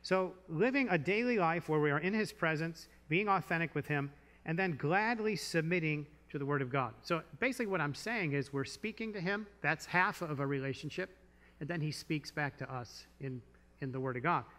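Male pastor, bright and slightly high, conversational sermon delivery, long church reverb. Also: normal speed. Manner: conversational preaching with rhetorical questions. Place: church sanctuary.

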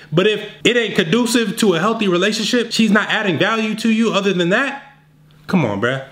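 A man hosting a casual vlog as a dating coach, talking straight to viewers in slangy, animated speech. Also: high voice. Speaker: dating coach, channel host.

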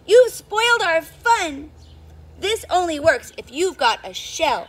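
A woman voicing a group of snails in a children's storybook reading, calling out loudly and sharply. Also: very high-pitched, very animated, slow, heavily acted. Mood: scolding. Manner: loud, sharp storybook crying out. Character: group of bossy snails, quick to scold or panic.

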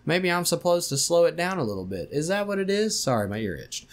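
A man's voice: fairly high pitch, big pitch swings, brisk, hardly any pauses. A man giving casual, profane, self-mocking commentary while playing a game, drowsy and sighing often. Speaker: gameplay streamer. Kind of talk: casual let's-play commentary.

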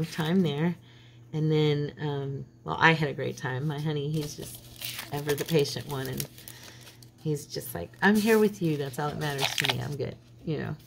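Brief: lower-voiced woman crafter, rambling chatty storyteller, paper crinkling clearly behind. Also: noisy background. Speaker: craft channel host. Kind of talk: casual chat while crafting.

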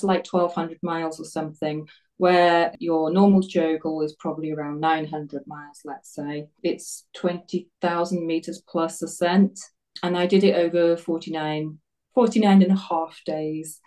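A woman in her fifties chats through her story as an interview guest, self-deprecating and quick to laugh. Her voice sits a little low and sounds mellow and soft-edged. She is picked up from some distance, so she sounds set back from the mic. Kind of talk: casual interview chat.

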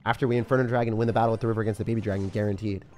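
A young man giving live commentary as he plays a mobile game, thinking aloud and breaking into sudden excited yelps. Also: fairly low pitch, rapid-fire. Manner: excitable, talks to himself while playing, sudden yelps. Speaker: game streamer.

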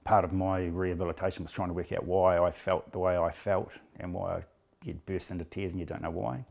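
Kiwi bloke, middle-aged, real low voice, plain blunt storytelling in an interview. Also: male voice, fairly even intonation, fairly quick, gravelly, darkish tone. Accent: New Zealand. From New Zealand. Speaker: rescuer being interviewed. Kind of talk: recounting a rescue in an interview.

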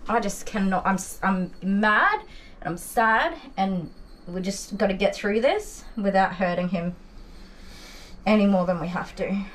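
A woman dog groomer talking softly and apologetically to a frightened dog while she works. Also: medium pitch, unhurried. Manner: soft, apologetic soothing of a dog. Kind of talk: vlog talk while grooming. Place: grooming salon. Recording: clear clipper and room noise. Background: electric clippers buzzing.

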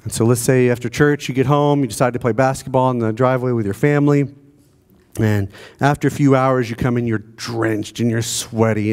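In a church, a pastor delivers a conversational sermon and poses rhetorical questions to the congregation. His male voice sits in the mid range with a darkish tone.

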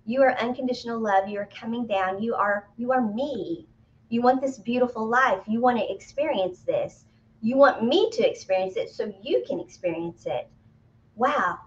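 Animated woman teaching spiritual ideas. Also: on the high side, moderate pace. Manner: animated, playful exclamations. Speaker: spiritual medium co-host. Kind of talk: casual spiritual teaching talk. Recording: muffled lo-fi audio.

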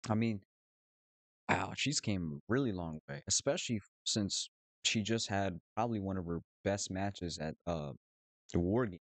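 A man's voice: sits low, moderate pace, no echo. A man hosting a reaction video, laughing often, exclaiming and swearing as he comments on clips.

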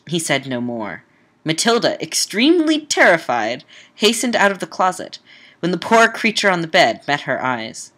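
A woman's voice: on the low side, big pitch swings, normal speed, a bit bright. A woman reading an old Gothic novel aloud with drama, breaking off now and then for wry, casual comments. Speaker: audiobook reader and podcast host.

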